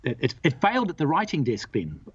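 A man's voice: fairly high pitch, wildly swooping pitch, a little fast, husky, dull audio. A male radio host chatting casually, jovial and easygoing as he leads the conversation.

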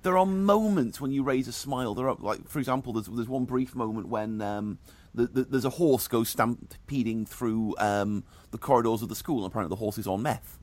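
A man's voice: on the low side, fairly even intonation, fairly quick, darkish tone. A middle-aged man, giving dry, sardonic film and music reviews in casual radio chat.

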